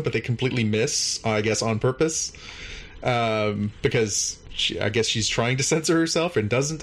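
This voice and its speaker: A man casually recapping a show episode, rambling and animated, with many fillers. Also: mid-range voice.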